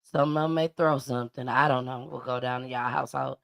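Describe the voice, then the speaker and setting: Woman, show host, casual commentary, emphatic, repetitive, gravelly fry. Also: extremely low pitch, fairly even intonation, brisk. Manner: emphatic, preachy, repeats her points. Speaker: host commenting on news clips.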